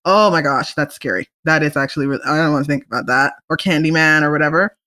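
A woman's voice: low voice, quick pace, bright, forceful tone. A young woman hosting a solo talk show, chatting casually and rambling with frequent restarts and laughter. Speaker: solo podcast host. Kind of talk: casual chat.

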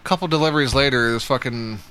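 A man with a bright, ringing voice chats casually as a podcast co-host. He tells his stories in a profane, animated way, peppered with laughs. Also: mid-range voice, quick pace, a little hiss or hum. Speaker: podcast co-host, pizza delivery driver.

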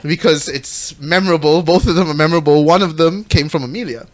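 A woman with a Malaysian accent hosting a studio podcast, chatting casually with sing-song emphasis and loud laughs. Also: low voice, fairly quick. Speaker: podcast host. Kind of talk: casual chat.

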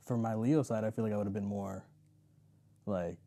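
Mellow, reflective man laughing easily. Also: fairly low pitch, fairly even intonation, moderate pace. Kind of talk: casual chat.

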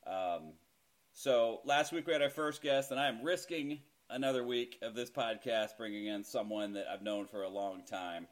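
A middle-aged man hosts a casual podcast, talking at normal speed in a medium-pitched voice. He's chatty and self-deprecating and laughs easily as he goes.

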